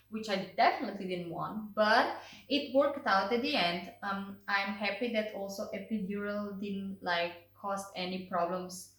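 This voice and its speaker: A woman's voice: medium pitch, fairly bright tone, distant mic. A young woman vlogger telling her story in casual chat, saying "like" often. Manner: chatty, says "like" often. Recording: roomy echo, away from the mic.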